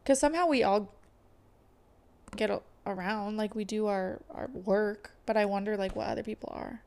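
A woman's voice: medium pitch, normal speed, gravelly, a little mellow. A woman in her twenties co-hosting a podcast, chatting casually and emotionally with many fillers. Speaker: podcast co-host. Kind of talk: casual chat.

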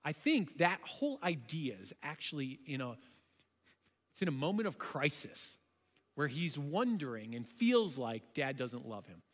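A man in his thirties preaching a sermon, impassioned, shifting between loud emphasis and quiet storytelling. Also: a little high, big pitch swings, measured pace. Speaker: pastor. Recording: long hall reverb.

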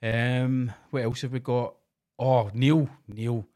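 A man's voice: mid-range voice, level tone, takes it slowly, mellow. A Scottish man co-hosting a casual podcast, bantering and swearing freely. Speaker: podcast co-host.

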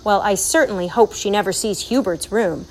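A woman's voice: medium pitch, normal speed, a little hiss or hum, close to an everyday voice, rough recording. A woman voicing a fussy, worried housewife and mother in a storybook reading, prim and exasperated.

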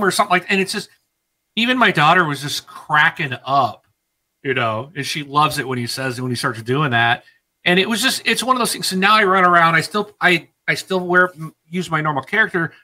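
A man in his thirties co-hosts a casual gaming podcast, rambling, animated and laughing often as he talks. His voice is fairly high, and the recording is low quality.

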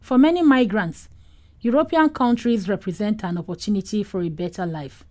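Mellow woman reading a news voice-over. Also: mid-range voice, moderate pace, faint music behind. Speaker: reporter. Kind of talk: scripted news narration.

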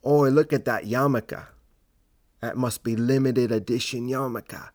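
A man putting on an Australian accent to play an excitable male wildlife TV presenter who narrates in an awestruck nature-show manner. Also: mid-range voice, unhurried, dry recording, studio quality, voice pushed up, close to an everyday voice. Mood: gushing. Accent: Australian, put on.

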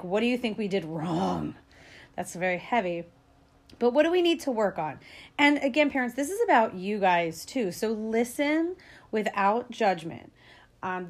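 A parenting educator with a slightly high voice gives casual parenting advice in a chatty, upbeat way. She uses filler words and small laughs and acts out what parents and kids might say.

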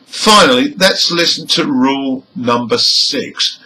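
A man's voice: mid-range voice, slow pace, pushed and bright, low-quality recording. A man teaching English word stress, explaining rules and enunciating example words carefully. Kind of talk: slow, deliberate lesson explanation.

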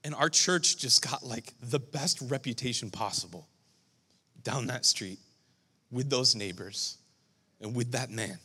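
A man who is a pastor, telling a story during a sermon with animated, emotional delivery. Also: medium pitch, measured pace, long pauses, slightly rough, big-room sound.

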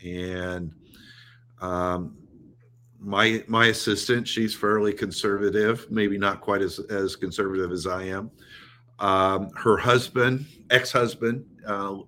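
A man with a fairly low voice talks as a guest in a casual political chat. He speaks in a measured, reflective way with many fillers. Faint noise hums behind him. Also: a bit bright.

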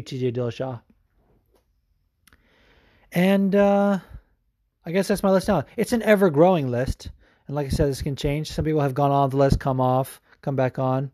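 A man's voice: medium pitch, dark tone, dry recording, clean studio sound. A man hosting a podcast, talking casually and reading listener questions, rambling and swearing, with lots of fillers. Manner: profane, rambling, frequent fillers. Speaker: podcast host.

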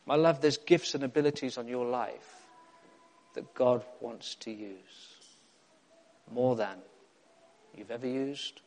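A man preaching a sermon, emphatic and repetitive, building up to excitement. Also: mid-range voice, slow pace, pauses often. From South Africa.

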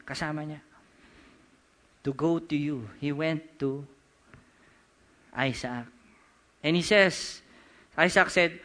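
A middle-aged pastor with a Filipino accent preaches animatedly, blending Tagalog and English and dropping into quiet emphasis at times. His voice is a little high.

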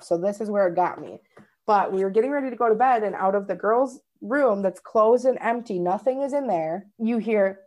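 A woman's voice: medium pitch, a little mellow. A young woman, co-hosting a podcast and telling stories in casual chat. She swears freely and acts out what people said. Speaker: podcast co-host.

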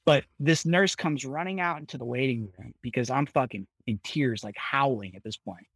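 A man's voice: mid-range voice, normal speed, slightly rough, no echo. A young man, a podcast guest, vividly retelling a dramatic personal story in casual, profanity-laced speech. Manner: vivid, swears freely, animated retelling.

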